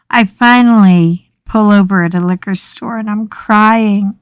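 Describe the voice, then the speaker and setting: A middle-aged American woman telling a story in a chatty, animated way as she talks on her craft channel. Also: a little high, normal speed, dry recording, studio quality. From United States. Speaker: craft vlogger. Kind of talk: casual storytelling chat. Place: small home craft room.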